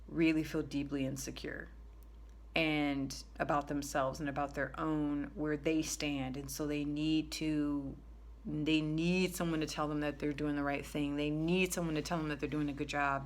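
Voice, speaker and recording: A woman giving a frank, rambling self-help monologue, often restarting her sentences and jumping up in pitch when she makes a point. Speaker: spiritual self-help creator. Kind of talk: casual spoken monologue.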